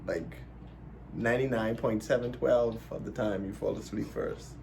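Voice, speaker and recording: A man's voice: lowish voice, normal speed, creaky, a little mellow, slight background noise. A young Bahamian man co-hosting a couples Q&A, making joking asides. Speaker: YouTube couple co-host. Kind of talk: casual couples Q&A chat.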